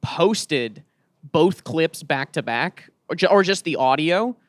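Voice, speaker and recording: A man's voice: fairly high pitch, lively intonation, slow, no echo. A man guesting on a comedy podcast, chatting with enthusiasm and telling stories. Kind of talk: casual comedy podcast chat.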